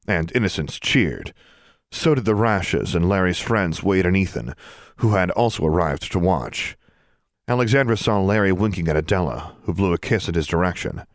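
A man narrates a fantasy novel in a low, deep voice with a steady storytelling rhythm. The recording is dry and close, with no room echo. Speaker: audiobook narrator. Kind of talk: scripted narration.

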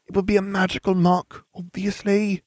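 A man puts on a clever, easily exasperated teenage witch. Her falsetto is high and strained, leaping around a lot. The sound is close and dry. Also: wildly swooping pitch, normal speed, dry recording.

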